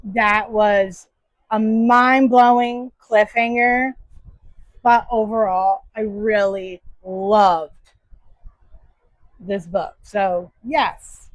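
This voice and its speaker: A woman's voice: medium pitch, steady tone, drawn-out words, no room sound, poor audio. A woman book vlogger casually reviewing her monthly reads, enthusiastic and emphatic.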